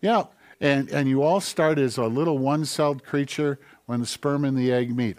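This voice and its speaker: A male pastor preaching a conversational sermon in a church, building up to forceful questions. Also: medium pitch, normal speed, hardly any pauses.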